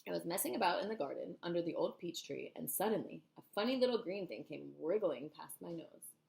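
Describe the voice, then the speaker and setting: A woman's voice: fairly low pitch, animated, brisk, gravelly, a little mellow. A woman voicing a boastful, rascally male centipede in a storybook reading, bragging and gleeful.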